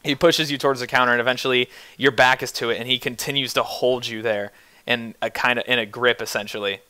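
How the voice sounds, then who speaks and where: Young man, game master, animated narration, bright tone, dry recording. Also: mid-range voice, fast talker, smooth, dry recording.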